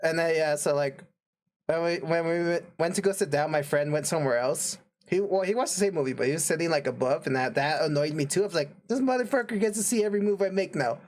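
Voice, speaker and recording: A young man co-hosting a podcast casually tells a story, rambling with lots of fillers and laughing often. His voice is on the high side with a darkish tone, and he talks fast.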